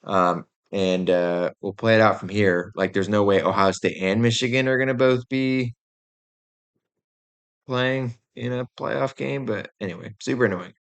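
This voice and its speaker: A man's voice: on the low side, measured pace. A young man hosting a sports show, ranting in a casual, exasperated way with lots of fillers. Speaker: podcast host. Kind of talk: opinionated sports rant.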